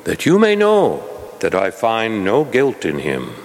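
A man reading the lines of a wary, questioning Roman governor in a scripture reading, a little higher and more pointed than his narration. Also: wildly swooping pitch, unhurried, full character voice. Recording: long hall reverb.

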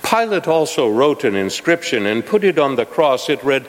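A man reading scripture aloud in a measured, solemn manner. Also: mid-range voice, very animated. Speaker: scripture reader. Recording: long hall reverb.

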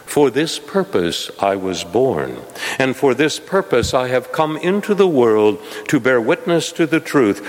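A man reading the words of a calm, dignified teacher on trial in a scripture reading, grave and steady. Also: mid-range voice, a little slow, pitched above the performer's own voice. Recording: long hall reverb.

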